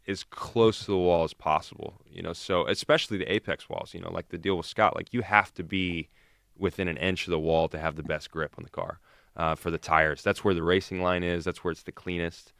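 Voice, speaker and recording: A man guest on a radio show, a racing driver explaining things calmly in a relaxed studio interview. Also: sits low, fairly quick, creaky, no room sound.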